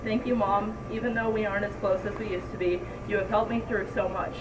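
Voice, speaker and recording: A teenage girl gives a tearful, giggly thank-you speech, heard from a distance. Bowling alley noise hums clearly behind her. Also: medium pitch, steady tone, brisk. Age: teens. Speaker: senior student speaker.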